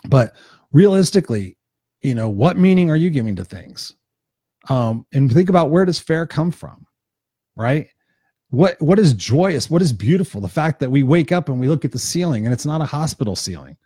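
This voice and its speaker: A man's voice: fairly high pitch, animated, moderate pace, warm tone, husky, no echo, studio quality. A man giving an unscripted motivational talk as host of his own live stream, passionate and swearing freely, repeating points for emphasis.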